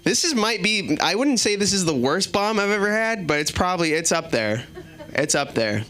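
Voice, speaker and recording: A man's voice: high voice, big pitch swings, normal speed, pushed and bright, slight background noise. A man doing a stand-up set in a small comedy club, self-deprecating and chatting with the crowd.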